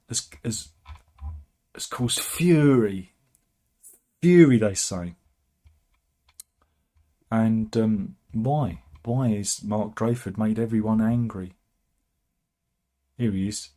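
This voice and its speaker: A man's voice: on the low side, mellow. Sardonic British man rambling through news. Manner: sardonic, rambling, chuckling asides. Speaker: host of a satirical news channel. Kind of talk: casual satirical news commentary.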